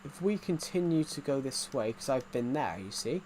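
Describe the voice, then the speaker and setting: A man's voice: mid-range voice, sing-song, moderate pace, darkish tone, a little hiss or hum. A man casually chatting while streaming a game, rambling and reacting to viewers' comments. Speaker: gaming streamer.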